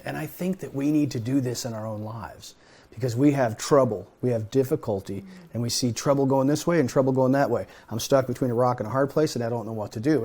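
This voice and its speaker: A man's voice: mid-range voice, brisk, dark tone. A man leading a conversational Torah study, talking earnestly and thinking aloud. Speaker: Bible study teacher.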